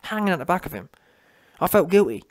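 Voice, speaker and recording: A man's voice: big pitch swings, quick pace. Mocking man ranting. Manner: mocking, mimics others in high whiny voice. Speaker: channel host. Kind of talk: ranting commentary.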